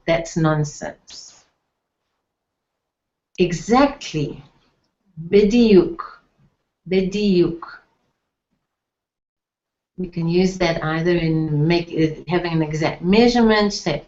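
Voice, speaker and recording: A woman gives a language lesson at an unhurried pace, repeating each phrase slowly and carefully. Her voice sits a little low. The recording is dull and lo-fi, with a roomy echo around her. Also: a little mellow. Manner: slow, careful repetition of phrases. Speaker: Hebrew teacher. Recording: echoey, dull lo-fi room sound.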